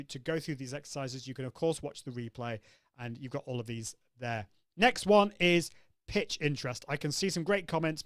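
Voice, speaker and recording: A man's voice: a little high, dry recording. Upbeat man coaching on a live stream. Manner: upbeat and demonstrative, chatting to viewers' comments. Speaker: host of a live-video coaching show.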